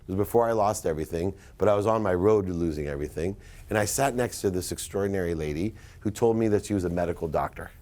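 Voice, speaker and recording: A middle-aged man speaks from a stage to a live audience. His voice sits low, and he tells his story with emphatic force, swinging from loud punches to hushed, quiet asides. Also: quick pace. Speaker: keynote speaker. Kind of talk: motivational speech to a live audience.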